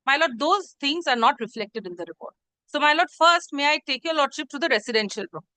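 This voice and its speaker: A woman's voice: sits high, expressive, fast, bright, forceful tone, no room sound, low-quality recording. A woman advocate, making a formal, deferential submission to a judge in a courtroom hearing and addressing him as "my lord" again and again. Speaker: advocate arguing before a judge. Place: courtroom hearing, live-streamed.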